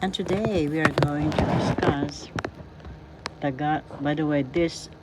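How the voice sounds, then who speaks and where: Teacher woman, slow deliberate syllable drills, loud traffic noise behind her. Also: low voice. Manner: syllable-by-syllable pronunciation drilling, warm greetings. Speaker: language teacher. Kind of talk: slow spoken language lesson with syllable breakdowns. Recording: loud background noise, passing vehicles.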